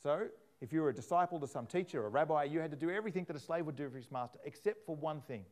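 A man preaching a sermon, animated, acting out scripture in different voices. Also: fairly high pitch, rapid-fire.

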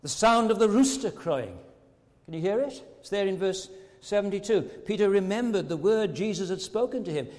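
An earnest male preacher delivering a sermon in a fairly high voice, leaning on rhetorical questions and stumbling over repeated words. His voice carries a long reverb from a big church hall. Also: expressive, moderate pace, darkish tone.

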